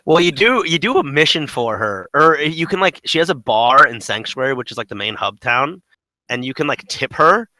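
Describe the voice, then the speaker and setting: Man, podcast co-host, rambling, bright voice, dry close sound. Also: on the high side, very animated, normal speed, dry recording, poor audio. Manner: rambling, full of "like" and "um". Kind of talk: casual gaming podcast chat.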